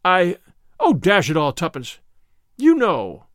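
A man's voice: high-pitched, huge pitch swings, slow pace, a bit bright, no room sound, studio quality, heavily acted. A man voicing a blunt, bossy young man. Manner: blunt, bossy, sometimes sarcastic.

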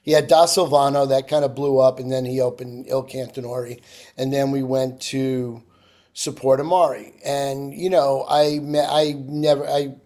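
A man's voice: medium pitch, level tone, normal speed, mellow. A man, a chef telling stories in casual chat, full of "you know". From New York. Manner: rambling storyteller, frequent "you know".

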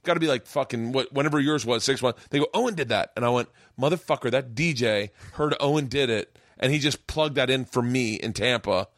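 A man's voice: mid-range voice, a little fast, hardly any pauses, fairly bright tone, no room sound, clean studio sound. A man hosting a podcast, a comedian telling a story in casual chat, rambling with many restarts and swearing freely. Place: home man cave.

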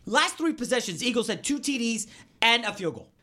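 Man, podcast host, excitable storyteller, swooping lively pitch, bright tone. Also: brisk. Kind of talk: sports betting podcast chat.

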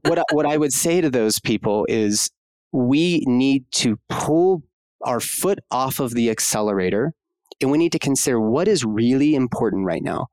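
This is a US obstetrician-gynecologist appearing as a podcast guest, his mid-pitched voice darkish in tone, lively in intonation and normal in speed, with no echo. He's candid and fired up, speaking casually with fillers and the odd swear word.

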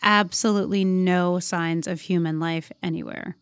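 A woman's voice: mid-range voice, a little slow, dry recording, studio quality. A woman telling a personal story in a reflective, conversational way, with frequent fillers. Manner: reflective, uses many fillers like "like" and "you know".

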